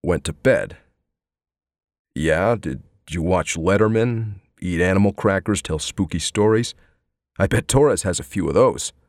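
A man's voice: sits low, expressive, unhurried, dry recording, clean studio sound. A man reading an audiobook, voicing a sardonic male police detective who needles with probing questions. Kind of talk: audiobook character voice.

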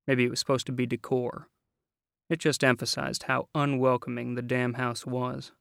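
A man narrating a novel in a measured, wry way, close to the mic. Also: medium pitch, level tone, creaky, fairly bright tone, dry recording. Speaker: audiobook narrator. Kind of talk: scripted narration.

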